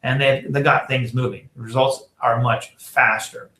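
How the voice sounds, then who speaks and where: A man's voice: mid-range voice, little pitch movement, moderate pace, sharp tone, roomy sound. A man giving a casual sales training talk, chatty and full of fillers, acting out text message exchanges as he goes. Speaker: network marketing trainer.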